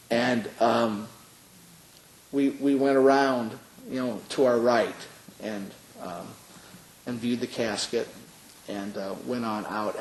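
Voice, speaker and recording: A man's voice: mid-range voice, darkish tone. A middle-aged man, a pastor, recalls events in an oral history interview, telling the story earnestly with many fillers. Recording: roomy with faint hiss.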